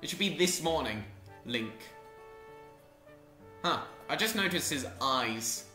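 A man's voice: fairly high pitch, lively intonation, slow, sharp tone, reverberant, soft background music. A man giving comic, self-deprecating commentary over a video game, often stumbling over his words. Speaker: gaming YouTuber.

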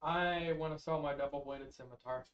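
Quiet hesitant man far from the mic. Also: fairly high pitch, steady tone, normal speed. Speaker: player. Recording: distant, echoey lo-fi recording with faint ambience.

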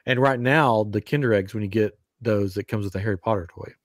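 A man's voice: fairly low pitch, fairly quick, no room sound, studio quality. A man in his thirties hosting a podcast, chatting casually and telling stories with lots of laughter. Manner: animated storyteller, laughs often. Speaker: podcast host. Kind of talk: casual chat.

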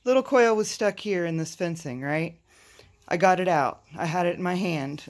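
A homestead vlogger talks to viewers outdoors by a backyard coop. The vlogger is chatty and excitable, keeps saying "you guys", laughs often, and sounds flustered and jittery. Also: medium pitch, moderate pace. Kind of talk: casual vlog narration to camera.

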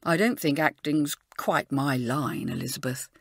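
A woman reading an audiobook, voicing a clever schoolboy who teases in an easygoing, gently mocking way. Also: low-pitched, animated, moderate pace, dry recording, clean studio sound. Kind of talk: audiobook character voice.

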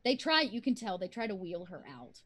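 A woman's voice: medium pitch, sing-song, a little fast, a bit bright. A woman running a tabletop role-playing game as game master, narrating the scene in a chatty way with many fillers.

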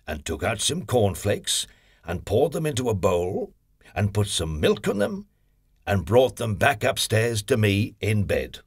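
Mr. Tickle, gleeful and husky. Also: male voice, no echo, clean studio sound, exaggerated voice. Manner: gleeful, chatty, squeals up high on each tickle. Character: cheeky, playful male tickling character. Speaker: storyteller narrating in first person. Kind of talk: children's audio story.

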